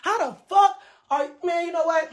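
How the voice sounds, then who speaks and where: A woman's voice: extremely high pitch, normal speed. A woman livestreamer ranting to her viewers, profane and heated. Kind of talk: livestream rant.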